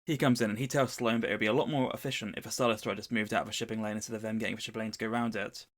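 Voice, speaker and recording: A man's voice: on the low side, level tone, rapid-fire. A man co-hosting a casual podcast, retelling a book's plot in an easygoing storytelling way. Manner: storytelling summary of a book plot. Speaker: podcast co-host.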